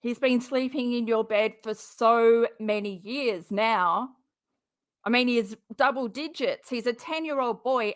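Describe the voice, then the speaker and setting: A woman hosting a reaction channel, commenting on a clip in a sarcastic, profane, mocking way. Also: a little high.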